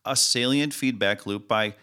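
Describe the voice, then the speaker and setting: A man's voice: medium pitch, moderate pace, bright, forceful tone, clean tone. A man co-hosting a podcast, talking enthusiastically and laughing easily. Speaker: podcast co-host. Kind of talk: casual podcast chat.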